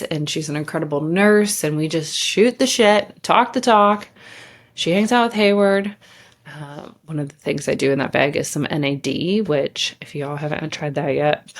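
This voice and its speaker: A low-pitched woman talking straight to her listeners in a loose, candid storytelling way. She chats freely and drops casual swear words as she goes. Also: normal speed. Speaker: podcast host.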